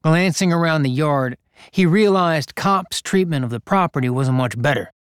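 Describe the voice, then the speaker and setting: A man reading a gritty story aloud in a measured, deliberate narration. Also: fairly high pitch, clean tone, no room sound, studio quality. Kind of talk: scripted narration.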